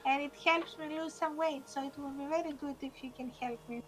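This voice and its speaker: A woman plays a tabletop game in a high, bright voice. In character she speaks in slightly stiff, formal phrases. A faint noise sits behind her. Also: fairly even intonation, fairly quick. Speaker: player. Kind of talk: tabletop game role-play.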